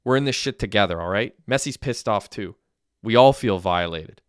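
A man's voice: fairly low pitch, lively intonation, moderate pace, smooth, dry recording, clean studio sound, close to an everyday voice. Derek, a man voicing a laid-back young guy. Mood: calming. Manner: casual, swearing.

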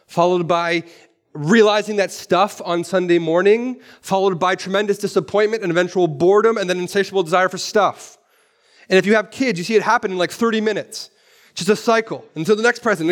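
A high-voiced man preaching to his congregation in a church. He drives his points home with rhetorical questions and repeated phrases, in an animated way. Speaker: pastor. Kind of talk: sermon.

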